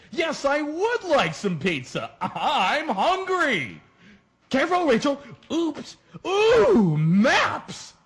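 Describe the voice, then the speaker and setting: An actor playing a tipsy, goofy male sidekick announcer who gives a wide-eyed comic recap with sudden shouts. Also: sits high, slightly rough, exaggerated voice.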